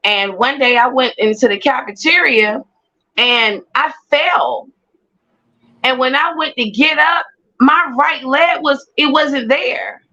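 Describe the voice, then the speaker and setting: Animated woman telling her testimony. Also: high voice, slow, lo-fi sound. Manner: animated storyteller who repeats phrases for emphasis. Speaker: guest sharing a personal testimony. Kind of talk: personal testimony storytelling.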